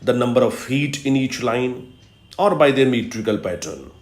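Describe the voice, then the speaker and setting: A man giving a recorded lecture on poetry, teaching slowly and emphatically with repetitions and fillers. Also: medium pitch. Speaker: English literature lecturer. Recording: echoey room.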